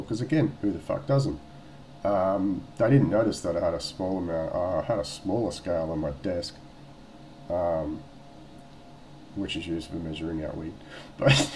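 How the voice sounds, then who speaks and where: A man's voice: low voice, a little mellow, a little hiss or hum, low-quality recording. A man with an Australian accent talking casually to camera, blunt and rambling, swearing freely. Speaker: vlogger.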